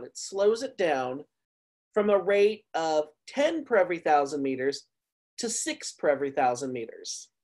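A man teaching a university meteorology class online, explaining step by step and quizzing his students with playful asides. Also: sits high. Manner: lively, playful explainer who asks the class questions.

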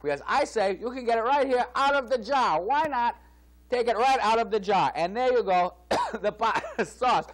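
A man's voice: very high voice, animated, normal speed. A man voicing a hammy male TV chef who puts on a phony Italian accent and chats boastfully through a spoof cooking segment. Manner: chatty, boastful, laughing at his own jokes.

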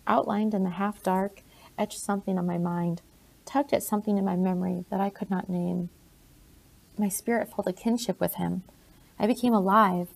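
A woman reading a novel aloud in steady first-person narration. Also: medium pitch, gravelly. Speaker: audiobook reader.

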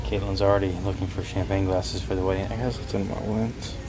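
A young man, sick and losing his voice, chats casually to camera in a lowish register. He rambles a little and fills pauses with ums. Steady background noise sits under the recording. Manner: low-key, rambling with fillers. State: sick, voice almost gone. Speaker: vlogger. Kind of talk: casual vlog chat.

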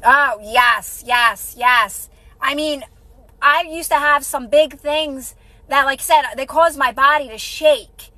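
A woman's voice: sits high, takes it slowly, bright, forceful tone, no echo, rough recording. A woman hosting a casual motivational livestream, repeating herself encouragingly and greeting viewers by name. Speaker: livestream host.

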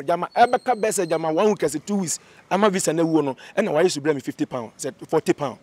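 A Ghanaian man, an interview guest, telling a grievance story with energy and acting out what others said in lively voices. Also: a little high, quick pace, dry recording. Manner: animated, acts out quoted dialogue. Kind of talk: emotional storytelling. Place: outdoor location away from the studio.

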